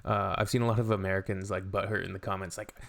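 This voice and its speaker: Canadian man, low gravelly voice, opinionated reaction commentary, casual. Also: flat delivery, quick pace, a bit bright. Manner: chatty, opinionated, frequent fillers. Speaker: reaction video host.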